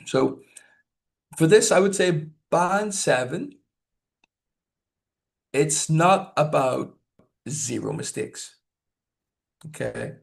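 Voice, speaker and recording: Slow, gravelly-voiced male examiner. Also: a little high, expressive. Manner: deliberate, checks in with frequent "okay?"; demonstrates stress and intonation with example sentences. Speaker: IELTS examiner giving tips. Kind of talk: teaching talk to learners.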